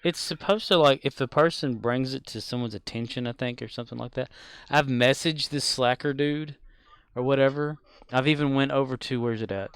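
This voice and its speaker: A man chats loosely while streaming a game, drifting from thought to thought and restarting his sentences. His voice is smooth and resonant. The sound is dry and close, with no room echo. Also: medium pitch, fairly quick. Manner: rambling and offhand, with many fillers and restarts. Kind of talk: casual live-stream chat while gaming.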